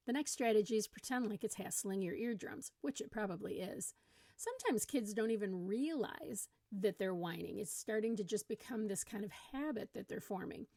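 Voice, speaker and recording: A middle-aged woman explains parenting strategies in an earnest, instructional way and acts out lively examples. Her voice sits at an ordinary pitch for a woman. The recording is dry and close, with no room echo. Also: normal speed, gravelly. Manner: earnest, with animated acted-out examples. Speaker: parenting coach. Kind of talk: instructional talk to camera.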